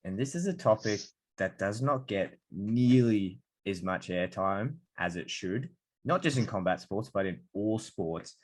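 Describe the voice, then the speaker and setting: A man hosting a podcast, chatting casually and telling stories in a relaxed way. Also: on the low side, unhurried. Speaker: podcast host, dietitian. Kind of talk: casual interview chat.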